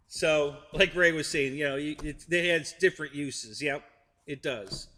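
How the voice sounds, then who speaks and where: A man's voice: a little high, pushed and bright, long reverb tail. A middle-aged man hosting a live stream, rambling through a joke with restarts and chuckles while chatting with viewers. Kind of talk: casual chat with live chat viewers.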